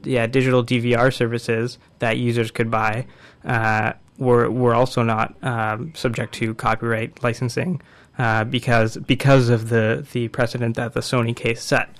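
A man in casual discussion, explaining a court case in a measured way with frequent fillers. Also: medium pitch, little pitch movement, no echo.

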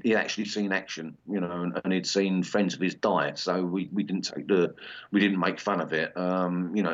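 Low-voiced rambling older English man. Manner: rambling, full of ums and restarts. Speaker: interview guest, punk singer. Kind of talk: casual interview chat. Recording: slightly dull lo-fi sound.

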